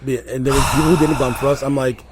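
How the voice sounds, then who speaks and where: A man's voice: medium pitch, fairly even intonation, very fast, noisy background. A man, a former wrestler, recounting his career in a casual interview, telling stories with many fillers and restarts. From Colombian and Puerto Rican family. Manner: storytelling, frequent fillers and restarts. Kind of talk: casual conversation.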